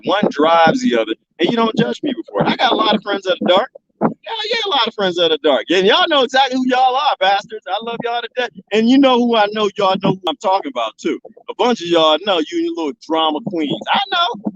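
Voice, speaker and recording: A man with a high, lively voice riffs on a casual livestream, reading comments in a rambling, profane way and laughing often. The sound is dry and dull, lo-fi with no room echo.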